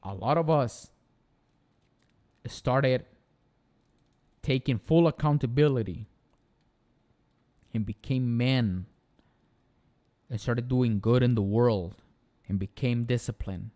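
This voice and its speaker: A man's voice: mid-range voice, slow, pauses often, dark tone. A young man with a Spanish accent hosts a casual live stream. He talks in an earnest, motivational way and stacks repeated phrases for emphasis. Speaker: channel host.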